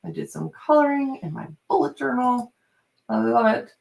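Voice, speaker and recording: A woman's voice: normal speed, gravelly. A woman hosting a writing livestream, chatting casually as she reads out viewers' progress updates. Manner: animated, acts out quoted people with big pitch jumps.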